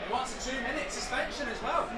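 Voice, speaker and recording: A man co-commentating on a live match, trading jokes and quick banter. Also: very high-pitched, crowd noise, noisy background.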